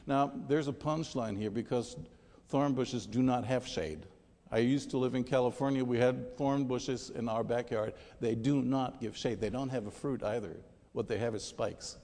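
A man's voice: mid-range voice, moderate pace, mellow. A man preaching a sermon in a conversational, emphatic way, speaking directly to his listeners. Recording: long hall reverb.

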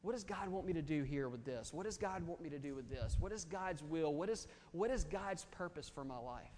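Candid preacher in a big hall. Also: male voice, a little high, animated, brisk, a little mellow, a little hiss or hum. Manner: candid, self-deprecating, conversational. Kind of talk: storytelling sermon. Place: church or auditorium. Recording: reverberant hall.

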